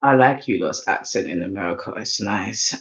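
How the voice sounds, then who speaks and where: A man's voice: lowish voice, moderate pace, a bit bright. A man with an English accent full of London slang reads oracle cards in a loose, casual way, swinging between hype and mumbling. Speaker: oracle card reader. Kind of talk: casual tarot-style card reading. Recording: slightly dull lo-fi sound.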